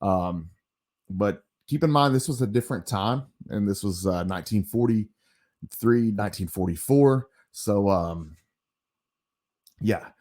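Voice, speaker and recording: A man's voice: fairly low pitch, expressive, measured pace, pauses often, darkish tone. Rambling man talking through an old comic. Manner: rambling, frequent ums and asides. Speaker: comic book reviewer. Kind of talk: casual commentary while reading a comic.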